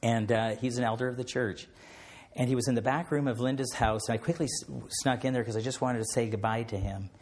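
A man's voice: mid-range voice, fairly even intonation, fairly quick, darkish tone. A middle-aged man, a missionary pilot, tells a church about his mission work and then leads a closing prayer, hesitating often with fillers and restarts.

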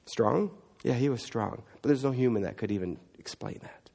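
A man preaching a sermon, telling stories with big swings between loud emphatic lines and quiet low asides. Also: animated, moderate pace, gravelly.

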